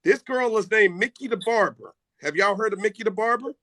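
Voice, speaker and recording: A man's voice: high-pitched, brisk, a bit bright, no room sound. A middle-aged man hosting a casual live chat, talking brash and boastful. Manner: brash, boastful trash talk. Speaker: live stream host.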